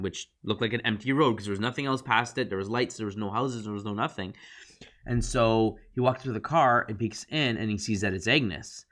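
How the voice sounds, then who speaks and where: A man's voice: on the low side, fairly bright tone. A man co-hosting a casual review podcast, retelling scenes at length and acting out lines of dialogue. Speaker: podcast co-host.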